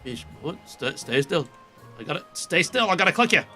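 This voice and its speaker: Chatty high-voiced man playing a game. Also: sing-song, normal speed, bright, forceful tone, faint music behind. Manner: chatty, self-mocking, reads NPC lines in put-on voices. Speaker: gaming YouTuber voicing a quest playthrough. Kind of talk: casual gameplay commentary, reading dialogue aloud.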